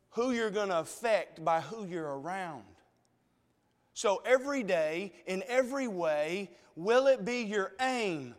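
A tearful preacher, high and slow. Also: male voice, big-room sound. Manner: emotional, pleading rhetorical questions. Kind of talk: sermon.

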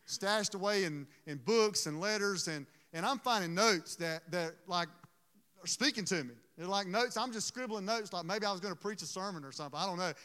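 Male pastor, sermon. Emotional, halting delivery. Smooth, clear tone carrying through a reverberant church hall. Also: high-pitched, bright, forceful tone. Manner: earnest, emotional, halting restarts.

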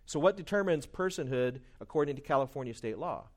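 A man preaching a sermon, emphatic, repeating his key questions and swinging between loud stresses and quiet asides. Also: a little high, lively intonation, a little fast.

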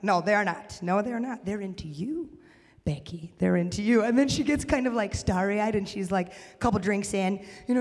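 A man from the Chicago suburbs performs stand-up with animated energy, dropping to soft asides and then leaping into loud character bits. His voice carries a long reverb from the warehouse venue in front of a live crowd. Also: high-pitched, a little fast. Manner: animated, jumps into loud impressions. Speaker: stand-up comedian. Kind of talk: stand-up set. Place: warehouse art space before a live audience.

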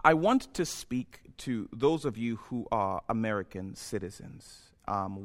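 Impassioned male preacher with lively pitch. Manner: impassioned, swings from quiet to shouted peaks. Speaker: pastor. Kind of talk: sermon. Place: church.

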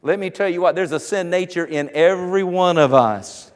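High-voiced preacher in a hall. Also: male voice, normal speed. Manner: storytelling, laughing at himself, building to fervent preaching. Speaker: pastor. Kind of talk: sermon with personal story.

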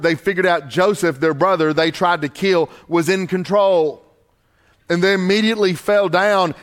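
The voice sits high for a man, and the delivery climbs on key points before sinking to near-hushed lows. A middle-aged pastor gives an emphatic sermon. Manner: emphatic preaching, rising high on key points and dropping low and quiet.

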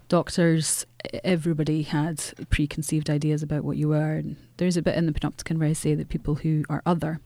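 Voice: mid-range voice, vocal fry, warm tone, no room sound. An author speaking earnestly in an interview, often restarting phrases and using fillers. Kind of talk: reflective interview talk.

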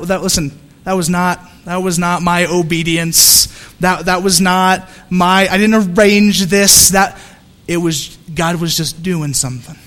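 A man's voice: high voice, fairly bright tone, big-room sound. A male pastor preaching a sermon, telling a story with lots of energy and frequent restarts and repeated words.

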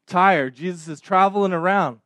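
A man's voice: high-pitched, normal speed, fairly bright tone, dry recording. A man preaching a sermon in a conversational way, often restarting words and checking in with his listeners. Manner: conversational, frequent stammered restarts and "right?" tags. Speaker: pastor.

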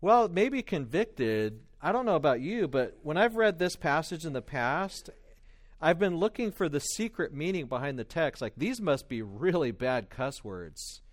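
A man's voice: on the high side, sing-song, unhurried. A middle-aged man preaching a sermon as pastor, telling stories in a conversational, self-deprecating way.

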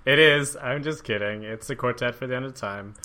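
A young man co-hosting a casual podcast, wry and teasing, quick to laugh. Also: medium pitch, heavy background noise. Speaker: podcast co-host. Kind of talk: casual comedic podcast chat.

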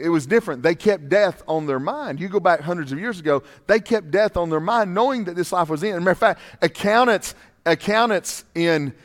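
Man, pastor preaching, high-pitched, long church reverb, fervent, slightly breathless. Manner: fervent, repetitive, preaching with rising emphasis. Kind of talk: sermon. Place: church sanctuary.

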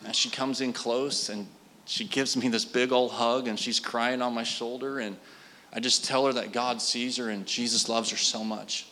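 A man's voice: medium pitch, fairly even intonation, normal speed, pushed and bright, a little hiss or hum. A man preaching a sermon, telling personal stories in an earnest, conversational way with frequent fillers. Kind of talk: sermon storytelling.

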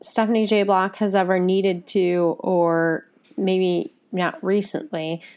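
A woman's voice: fairly low pitch, takes it slowly. A woman co-hosting a casual podcast about musical theatre, chatty and full of fillers, often acting out quotes. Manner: chatty, many fillers, animated quoting. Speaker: podcast co-host.

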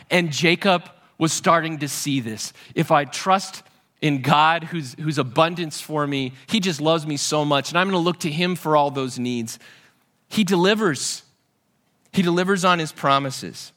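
Man, sermon, animated storytelling, bright tense voice, slightly high pitch. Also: unhurried. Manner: animated storytelling, acting out Bible characters' voices. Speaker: pastor.

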